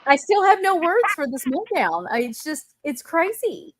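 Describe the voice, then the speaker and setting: A woman's voice: very high-pitched, very animated, moderate pace, no room sound. A woman co-hosting a casual recap chat, blunt and sarcastic. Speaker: podcast co-host.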